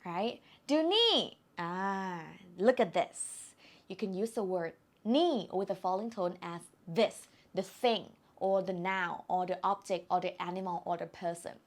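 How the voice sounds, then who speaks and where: Her voice is lowish, fairly steady in intonation and somewhat dark in tone. She's a woman with a Thai accent leading an online lesson, going slowly and carefully and repeating words to show their tones.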